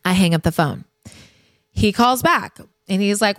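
Woman in her 50s from the US, podcast host, confiding storyteller, mid-pitched voice, dry close sound. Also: expressive, measured pace, no echo. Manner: chatty, confiding, addresses listeners directly. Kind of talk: personal storytelling.

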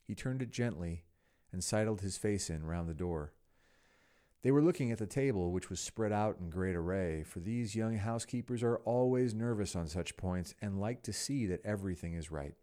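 A man narrating a classic story as a podcast host, expressive with wry asides. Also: fairly low pitch, moderate pace.

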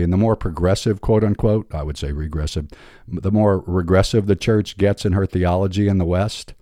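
Man, podcast host, deep warm voice, earnest scripture teaching, dry close mic. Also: no room sound. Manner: earnest preaching with emphatic rhetorical questions. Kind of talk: Bible teaching monologue.

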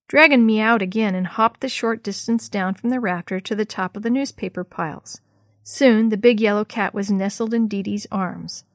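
A woman narrating a children's chapter book aloud, telling it in a clear, expressive way. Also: mid-range voice, moderate pace, dry recording, studio quality.

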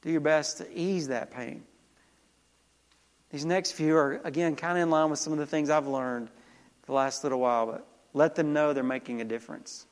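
High-voiced male pastor preaching in a hall. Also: fairly even intonation, moderate pace. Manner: emphatic preaching with call-outs to the congregation. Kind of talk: sermon.

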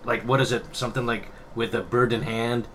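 A man's voice: medium pitch, steady tone, fairly quick, fairly bright tone, a little hiss or hum. A man co-hosting a casual podcast, reading facts aloud with hesitant fillers. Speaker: podcast co-host. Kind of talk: casual banter.

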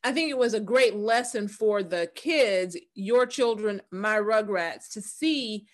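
A woman's voice: medium pitch, takes it slowly. A woman hosting a conversation, commenting on a guest's story and giving her opinions. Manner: opinionated, sums up and draws conclusions. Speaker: host.

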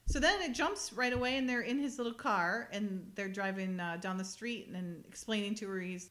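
A woman's voice: a little high, normal speed, fairly bright tone. A woman co-hosting a podcast, chatting casually and laughing as she acts out lines from a TV episode. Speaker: podcast co-host. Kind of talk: casual chat recapping a TV episode.

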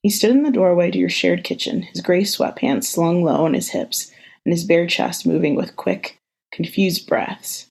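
Husky woman reading a story. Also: lowish voice, moderate pace, a little mellow. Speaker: podcast host reading fan fiction.

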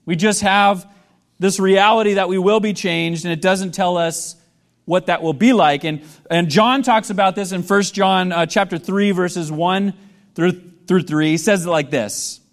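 A man's voice: high voice, a little slow. A male pastor preaching a sermon in a conversational way, asking the congregation questions and joking with them.

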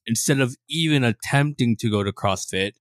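A man's voice: medium pitch, normal speed, no echo, studio quality. A man hosting a podcast, chatting in a friendly way and laughing easily with his co-host. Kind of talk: casual podcast chat.

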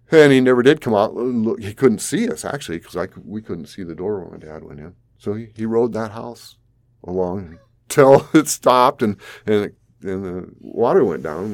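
Man, 60s, from South Dakota; low voice, dry close sound; vivid storyteller recounting events. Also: vocal fry, a little mellow, no room sound. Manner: vivid storyteller, chuckling at times, with restarts. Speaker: flood survivor interviewee.

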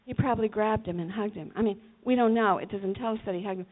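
A woman's voice: medium pitch, quick pace. A woman preaching a sermon to teenagers, telling the story dramatically and acting out the voices. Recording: tinny phone-like recording.

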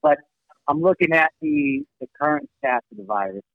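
Gravelly man on a tinny line. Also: a little high, huge pitch swings, no room sound. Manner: measured, hesitant. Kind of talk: casual podcast chat.

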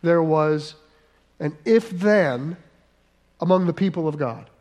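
A man preaching a sermon as pastor, earnest, slowing down for emphasis and acting out quoted voices. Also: a little high, darkish tone.

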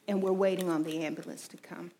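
A woman quoting a frightened young roommate on a late-night phone call, halting and stammering, in a hushed voice. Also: on the low side, steady tone, a little hiss or hum, voice pushed down, close to an everyday voice.

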